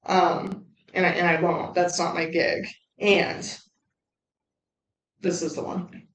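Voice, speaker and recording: A woman's voice: fairly low pitch, takes it slowly, far from the mic. Blunt, swearing woman in echoey room. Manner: blunt, heavy swearing, animated asides. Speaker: recovery channel host. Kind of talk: casual candid talk.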